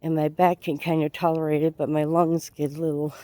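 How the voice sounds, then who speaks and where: A woman with a low voice, little pitch movement and a slightly fast delivery vlogs while walking on an outdoor sidewalk, captured in a dry recording. Out of breath and with a cold, she chats in a rambling, easygoing way and laughs softly.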